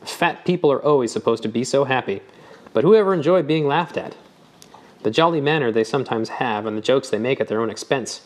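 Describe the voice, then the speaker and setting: A man reading the part of a wry, thoughtful older man who lectures gently. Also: mid-range voice, natural voice.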